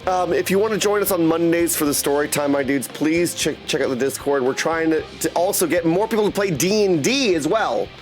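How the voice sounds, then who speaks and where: Brief: high-pitched, excitable male streamer rambling to chat, faint music behind. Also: a little fast, few pauses. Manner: excitable, rambling, keeps saying "my dudes". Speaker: game streamer. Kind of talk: casual live stream chat.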